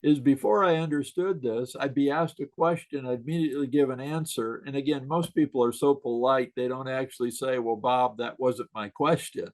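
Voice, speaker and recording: A man speaking over a video call, sharing stories in an easy, storytelling way. He often chuckles at his own punchlines, and his voice sits at a middle pitch. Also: a little fast, hardly any pauses, rough recording. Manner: warm anecdotal delivery, laughs at his own stories. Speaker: guest author on questions. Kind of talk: casual interview storytelling.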